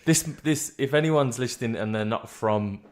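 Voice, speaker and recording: A man's voice: medium pitch, normal speed. A young man with a West Midlands accent, co-hosting a casual podcast chat, jokey and chatty, often trailing off. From West Midlands, England. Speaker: podcast co-host.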